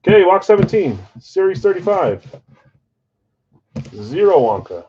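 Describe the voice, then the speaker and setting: A man's voice: sits high, a little hiss or hum. Man calling live card breaks, muffled audio. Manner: energetic countdowns, chatty with viewers; auctioneer-like rapid calls.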